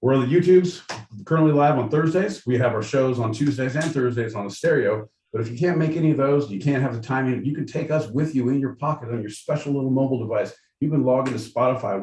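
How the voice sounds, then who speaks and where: A man's voice: mid-range voice, quick pace, hardly any pauses, darkish tone. Podcast guy rambling and joking around, sounds far off the mic, echoey room, bit of hiss. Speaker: podcast host. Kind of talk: casual live-stream chat. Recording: echoey room, distant mic, faint noise.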